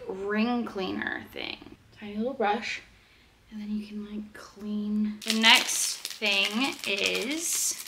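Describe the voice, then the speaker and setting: Young woman vlogging, chatty, bright voice sitting a bit high, soft quiet asides, light hiss behind. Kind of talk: casual vlog chat.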